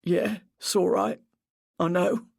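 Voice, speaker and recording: Read by the narrator, a sullen young man drops short, flat answers that go nowhere. His grief sits just under the clipped words. The read is dry and close, with no room sound. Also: sits high, takes it slowly, creaky, dry recording, heavily acted. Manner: flat, curt, mumbling replies. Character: grieving sullen young male cyclist.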